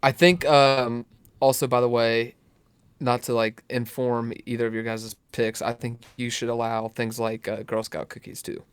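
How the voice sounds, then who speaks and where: A man co-hosting a podcast in casual chat, animated and teasing, laughing often. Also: mid-range voice, moderate pace, clean tone, no echo. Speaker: podcast co-host.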